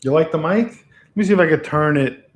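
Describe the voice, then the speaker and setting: A man's voice: a little high, a little fast, a little hiss or hum. A man chatting casually on a livestream from a room at home, rambling and chuckling often into a microphone. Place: home room lit by a lamp. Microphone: XLR microphone on a box.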